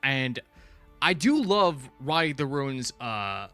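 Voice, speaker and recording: A man hosting a casual livestream review, rambling excitedly and correcting himself as he goes. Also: mid-range voice, slow pace, faint music behind. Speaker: channel host reviewing a TV show.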